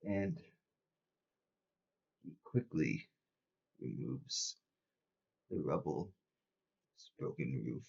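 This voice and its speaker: A man running a tabletop horror game as host and game master, narrating with deliberate pauses. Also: extremely low pitch, lively intonation, vocal fry, a little mellow, husky, lo-fi sound.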